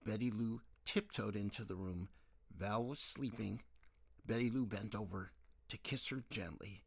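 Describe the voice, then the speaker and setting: A man narrating a novel chapter in a slow, expressive storytelling manner. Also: lowish voice, gravelly, husky. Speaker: audiobook narrator. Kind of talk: novel reading.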